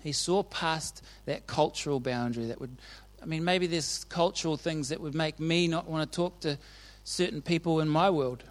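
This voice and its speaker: Chatty preacher with a slightly high voice. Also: male voice, moderate pace, hardly any pauses. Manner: chatty and informal, often checks in with the audience. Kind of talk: casual sermon retelling Bible stories.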